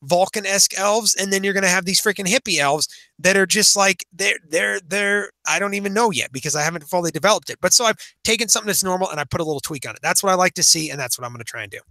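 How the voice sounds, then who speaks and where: A male podcast co-host with a high, bright voice talks eagerly in casual chat. He thinks aloud and often restarts his sentences. The recording is dry and close, with no room sound. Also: fast, dry recording.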